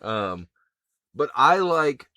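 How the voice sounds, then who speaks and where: A man's voice: medium pitch, big pitch swings, drawn-out words, pushed and bright, no echo, clean studio sound. A man hosting a podcast in casual chat, telling stories in a laid-back way and acting out the dialogue. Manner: laid-back storyteller who acts out dialogue. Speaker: podcast host.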